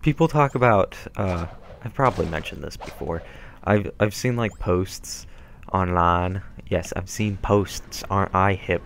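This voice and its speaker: A man's voice: low-pitched, measured pace, vocal fry, fairly bright tone, a little hiss or hum. A young man rambling through casual, self-deprecating let's-play commentary. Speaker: gameplay commentator. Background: faint game music.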